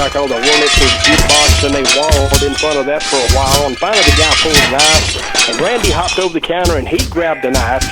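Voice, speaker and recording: An older man tells a rambling anecdote in a casual way, swearing freely and chuckling as he goes. His voice is a little high and a little fast, with music playing behind him. He's a storytelling guest, and the background is noisy.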